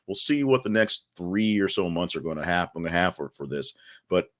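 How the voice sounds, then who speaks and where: A low-voiced man hosting a casual news podcast. He talks in a chatty, wry way and drifts into offhand asides. He often restarts his sentences midway. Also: lively intonation, normal speed, fairly bright tone. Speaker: podcast host.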